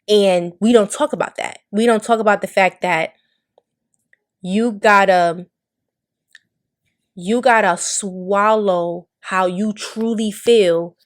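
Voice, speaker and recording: A young adult woman talks straight into a podcast, raw and unfiltered. Her delivery is blunt and emotional, full of swearing, and she sounds like she is confessing rather than performing. Her voice sits at an ordinary middle pitch for a woman. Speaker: podcast host. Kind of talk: candid monologue.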